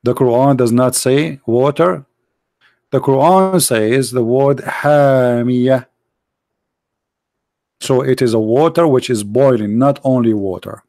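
A man's voice: mid-range voice, takes it slowly, mellow, no room sound, clean studio sound. A man hosting a heated call-in debate show, speaking non-native English with broken grammar in a mocking, sarcastic way and calling his opponent "brother" again and again. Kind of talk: heated live debate with callers.

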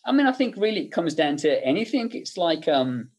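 A man's voice: fairly high pitch, sing-song, brisk, a little mellow, slightly rough. A middle-aged man, a makeup effects artist, chatting casually in an interview and telling anecdotes with many fillers.

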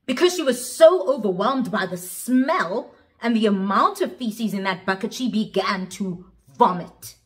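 A woman's voice: mid-range voice, expressive, unhurried. Dramatic young woman storyteller. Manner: dramatic, switching languages mid-sentence. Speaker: vlogger. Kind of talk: storytime vlog.

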